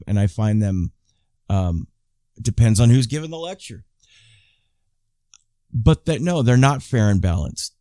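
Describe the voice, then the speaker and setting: A man's voice: on the low side, mellow, no echo, studio quality. A man in his fifties giving casual YouTube commentary, reading viewer emails aloud and rambling with frequent restarts and asides to his viewers. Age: 50s.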